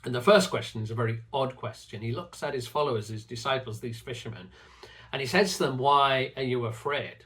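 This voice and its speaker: A man's voice: mid-range voice, expressive, quick pace, a bit bright. Earnest middle-aged man teaching faith. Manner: earnest, repeats words when starting phrases. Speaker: faith teacher and channel host. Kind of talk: reflective talk to camera.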